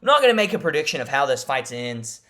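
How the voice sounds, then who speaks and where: A young man talks through his fight predictions in a loose, rambling way. He restarts sentences, drops in fillers and gets excitable about the matchups. His voice sits at an ordinary middle pitch for a man. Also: quick pace. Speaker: MMA picks host.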